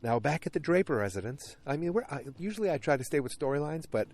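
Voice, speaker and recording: A man's voice: fairly high pitch, expressive, quick pace, few pauses, a little mellow. A man hosting a podcast who recaps a TV episode in a rambling, chatty way with many fillers. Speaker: podcast host.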